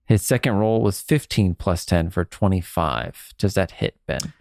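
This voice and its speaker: A man running a tabletop game as game master, describing monster attacks calmly with many fillers. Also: low voice, a little slow, vocal fry, no room sound, clean studio sound. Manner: calm, describes actions with fillers.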